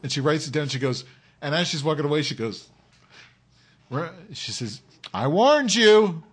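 A man hosting a casual chat, telling an animated story and acting out other people's voices. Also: fairly high pitch, fast, husky.

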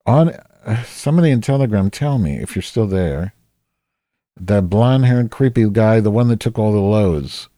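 A man's voice: sits low, mellow, no room sound, clean studio sound. A man hosting a podcast, rambling casually with lots of swearing and self-deprecating asides. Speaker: podcast host.

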